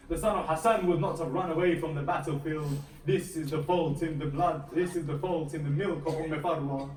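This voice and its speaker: A man delivering a sermon as a story, rising to an impassioned, strained delivery. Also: high-pitched. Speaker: lecturer. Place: mosque hall. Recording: echoey hall from far off.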